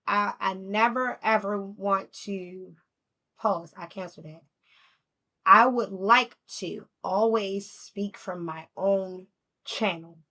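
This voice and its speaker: A woman's voice: mid-range voice, bright, forceful tone. A woman giving a casual tarot reading at home. She is chatty, laughs often and swears freely. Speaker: tarot reader.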